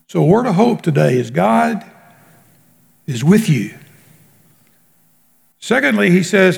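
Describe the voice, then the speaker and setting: A man preaching a sermon slowly and emphatically, drawing out his words and dropping low at the ends of phrases. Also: big pitch swings, vocal fry. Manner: slow, emphatic preaching with drawn-out words and sudden drops in pitch. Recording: long hall reverb.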